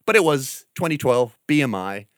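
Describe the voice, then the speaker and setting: A man from New England tells a long story in a loose, profane and animated way, with his pitch swinging up and down. He often slips into loud impressions. The sound is dry and close. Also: moderate pace, no room sound. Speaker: guest. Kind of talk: casual storytelling.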